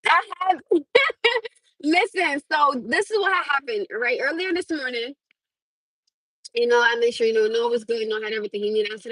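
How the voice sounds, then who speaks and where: A woman's voice: a little high, brisk, no room sound, low-quality recording. A woman in her thirties hosting a livestream, telling a casual story to viewers with lots of laughter and swearing. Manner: animated, laughs often, swears. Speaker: livestream host.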